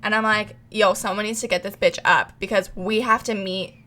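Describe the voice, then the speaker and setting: A woman's voice: medium pitch, fairly quick. A young woman co-hosting a casual podcast, telling a story animatedly, swearing freely and acting out what everyone said. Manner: animated, swears a lot, acts out quotes. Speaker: podcast co-host.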